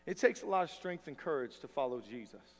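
A man preaching a sermon as pastor, earnest with wry humor, moving between loud emphasis and quiet asides. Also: on the high side, lively intonation, a little fast. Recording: long hall reverb.

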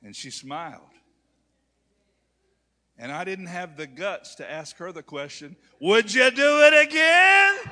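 A man, preaching a sermon to a congregation, calling out to the crowd and building to shouted peaks. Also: on the high side. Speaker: pastor. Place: church sanctuary with congregation. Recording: long hall reverb.

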